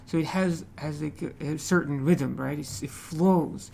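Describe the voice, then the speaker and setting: Creaky-voiced male teacher lecturing. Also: fairly high pitch, dark tone. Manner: halting, frequent "okay?" checks with students; hesitant, many fillers. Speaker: literature teacher. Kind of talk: classroom lecture.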